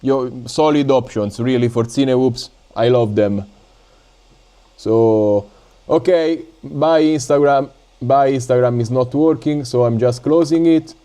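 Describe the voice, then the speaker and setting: A man from Italy with an Italian accent, chatting casually and haltingly on a live stream while building drones, with many fillers and stops. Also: medium pitch, dark tone. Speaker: drone hobby livestreamer.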